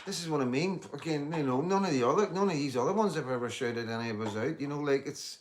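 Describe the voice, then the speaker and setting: A man's voice: a little high, fast talker, slight background noise. Blunt man chatting on a livestream. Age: 50s. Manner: chatty and blunt, swears freely. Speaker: livestream host. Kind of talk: casual livestream chat, reading out viewer comments.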